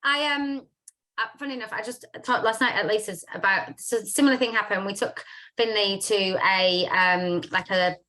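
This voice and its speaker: Bright, chatty woman host. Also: mid-range voice, normal speed. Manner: chatty, upbeat, lots of "like" fillers. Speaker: host of a business chat. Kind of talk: casual live video chat.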